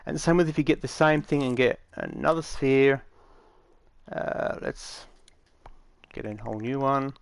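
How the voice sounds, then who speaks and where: A man's voice: mid-range voice, unhurried, vocal fry, dry recording. A man giving a casual, rambling tutorial, matter-of-fact and full of fillers, recorded dry on a close mic. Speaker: game tutorial maker.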